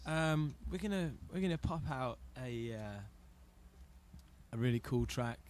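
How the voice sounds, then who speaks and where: A man's voice: medium pitch, animated, measured pace, a little mellow, a little hiss or hum. An English man, a rock band's frontman, chatting dryly and jokingly in a casual backstage radio interview. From England. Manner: dry, joking, laid-back. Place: festival backstage.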